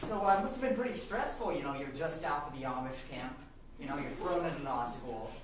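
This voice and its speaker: Improv: casual rambling man as interviewer, boomy far-off room, background noise. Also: lively intonation, fairly quick, very echoey. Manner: casual, rambling, filler-heavy. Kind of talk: live improv comedy.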